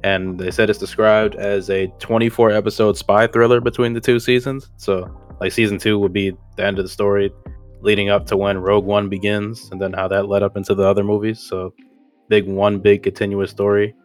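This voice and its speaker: Guy with a lowish voice rambling on a podcast, lots of slang and restarts. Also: level tone, brisk, faint music behind. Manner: rambling, slangy, self-correcting. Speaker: podcast co-host. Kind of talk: casual chat.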